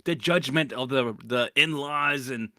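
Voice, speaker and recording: A man's voice: medium pitch, unhurried, sharp tone, no echo, clean studio sound. Blunt, profane man coaching. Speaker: recovery coach. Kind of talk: casual motivational talk to camera.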